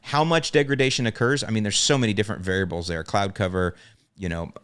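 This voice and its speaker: A man's voice: on the low side, fairly even intonation, fast talker, a bit bright, clear, resonant tone. A middle-aged man with a Chicago accent, hosting a solo podcast and giving practical, direct advice that repeats the key points plainly. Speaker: podcast host answering lawn care questions.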